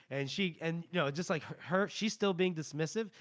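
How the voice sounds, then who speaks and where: A male podcast co-host talks in a loose, rambling way, full of fillers and restarts. His voice sits a little high. The sound is close and dry with no room echo. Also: fairly quick. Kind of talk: casual chat.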